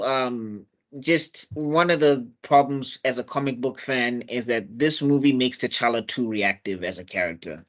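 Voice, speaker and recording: A man, chatting casually on a film review panel, opinionated and rambling, often restarting his sentences. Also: medium pitch. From South Africa.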